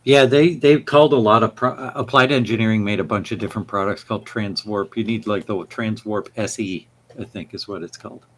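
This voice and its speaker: A man's voice: on the low side, brisk, few pauses. A man co-hosting a live stream, chatting casually and helpfully, passing on tips and chat comments.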